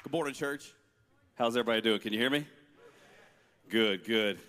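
A man addressing a church congregation as ministry director, friendly and earnest, speeding up when excited. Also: mid-range voice, moderate pace, a crowd in the background, background noise. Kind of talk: church talk. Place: church sanctuary. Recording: long reverb of a church hall.

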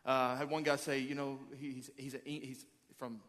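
A man in his thirties, a pastor preaching a sermon, energetic and joking as he rallies the crowd. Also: medium pitch, normal speed. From Arkansas. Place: large church auditorium. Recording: long hall reverb.

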